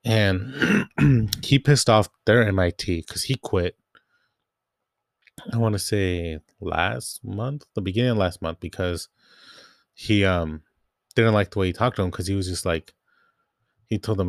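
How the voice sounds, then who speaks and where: A man's voice: sits low, slow pace, pauses often, no room sound, clean studio sound. A young man casually telling a rambling story about his grocery job, quoting coworkers and filling with "like". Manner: rambling, quotes coworkers, frequent "like". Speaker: grocery store worker.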